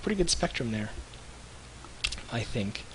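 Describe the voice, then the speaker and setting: A man in his thirties, co-hosting a livestream, telling rambling animated stories with lots of restarts. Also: medium pitch, measured pace, a little hiss or hum, low-quality recording. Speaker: web show co-host. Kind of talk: casual livestream chat.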